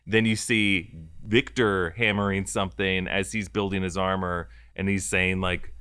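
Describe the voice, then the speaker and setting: A man's voice: low-pitched, little pitch movement, a little slow, pushed and bright, smooth. A man co-hosting a movie rumor show, chatting casually with lots of fillers and restarts. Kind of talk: casual podcast chat.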